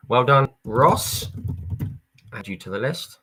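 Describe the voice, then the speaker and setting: A man's voice: medium pitch, lively intonation, slow, bright, forceful tone, husky. Chatty English man hosting a prize draw. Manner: chatty, upbeat, stops and restarts often. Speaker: host running a charity prize draw. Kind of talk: casual livestream chat.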